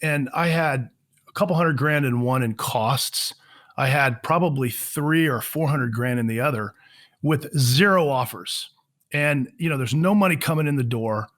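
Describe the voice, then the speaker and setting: Speaking in a mid-range voice at a normal speed, a fifty-something Floridian trial lawyer shares his career path as a podcast guest. The tone is laid-back and self-mocking, with lots of fillers and restarted sentences.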